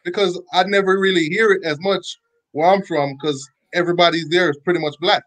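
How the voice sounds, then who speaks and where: A man's voice: sits high, steady tone, fairly quick, a bit bright, low-quality recording. A man from Jamaica, speaking thoughtfully in a casual chat.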